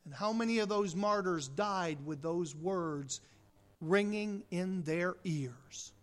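A pastor preaching a dramatic sermon full of rhetorical questions, swinging from hushed tones to loud declarations. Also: medium pitch, takes it slowly.

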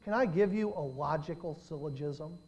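Sermon illustration: preacher voicing a quiet, dry older preacher, measured and calm. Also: male voice, fairly high pitch, lo-fi sound, close to an everyday voice.

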